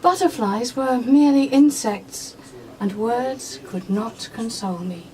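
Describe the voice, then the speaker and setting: A woman in her sixties reading a love poem slowly and tenderly on a radio show. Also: on the high side. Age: 60s. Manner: slow, tender, measured. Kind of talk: poetry reading. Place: hospital radio studio. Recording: distant mic with faint hiss.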